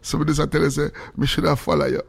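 A man hosting a radio show, telling stories in casual patois with sudden high-pitched outbursts. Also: sing-song, fast talker, creaky, breathy edge. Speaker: radio host.

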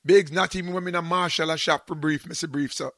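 A man with a Jamaican accent hosting a show in casual chat, telling animated stories and slipping into patois. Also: on the high side, fast, no room sound. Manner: animated storyteller, slips into patois. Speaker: show host.

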